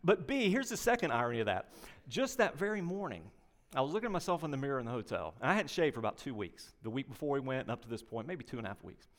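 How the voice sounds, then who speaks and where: An older man preaching a sermon, animated and conversational, telling anecdotes and addressing the congregation directly. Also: medium pitch, fast talker. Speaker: pastor.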